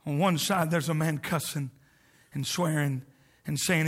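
High, bright-voiced fiery preacher man. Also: fairly even intonation, measured pace. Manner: fiery preaching with whoops, shouts and sudden drops to near whispers. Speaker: visiting preacher. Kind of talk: sermon.

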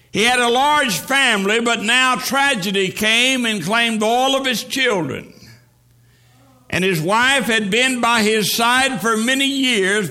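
A man preaching a sermon, slow and emphatic, with measured pauses. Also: high-pitched, sharp tone.

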